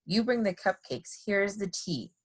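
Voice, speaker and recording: A woman's voice: medium pitch, expressive, normal speed, husky. A woman voicing a cheerful, literal-minded young housemaid in a storybook reading, with an earnest, matter-of-fact manner. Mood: plain.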